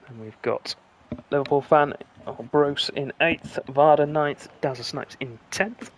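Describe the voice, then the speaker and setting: A man commentating live on an online racing stream, calling the action in a brisk play-by-play manner. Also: on the high side, a little hiss or hum. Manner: brisk play-by-play, rising excitement at close finishes. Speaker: lead commentator.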